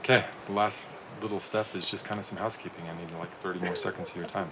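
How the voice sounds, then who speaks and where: A man's voice: low-pitched, steady tone, fast, very noisy. A man officiating a wedding in a casual, joking, breezy way. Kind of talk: informal wedding ceremony.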